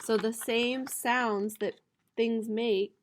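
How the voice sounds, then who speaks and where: A woman's voice: on the high side, steady tone, slight background noise. A young woman teacher reading a picture book aloud to her students, playfully voicing the animal and object sounds. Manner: slow, playful reading with bright, loud animal-sound imitations.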